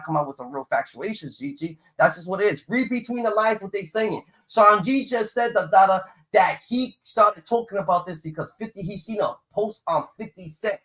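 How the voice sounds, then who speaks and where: Brief: male streamer, a bit high-pitched, profane mocking rant, chant-like filler. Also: fairly bright tone. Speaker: streamer reacting to clips. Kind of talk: ranting reaction commentary.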